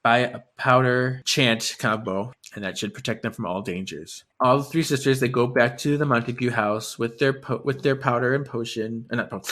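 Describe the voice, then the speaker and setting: A man's voice: mid-range voice, moderate pace, hardly any pauses. Man animatedly retelling a story. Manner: animated storytelling full of "like" and laughter. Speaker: podcast co-host. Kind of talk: casual chat retelling a book.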